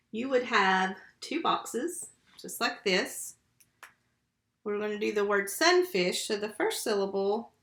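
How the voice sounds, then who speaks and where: In an echoey room, a woman with a medium-pitched, fairly bright voice records a first grade phonics lesson from home. She patiently sounds out letters and syllables one at a time into her computer mic for young children.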